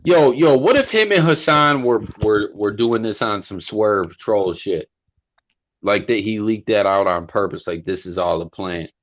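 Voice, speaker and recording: Speaking a little slowly in a voice on the low side, this podcast co-host rambles through casual chat full of slang and fillers such as "like" and "bro." The recording sounds muffled and lo-fi, with a faint hiss.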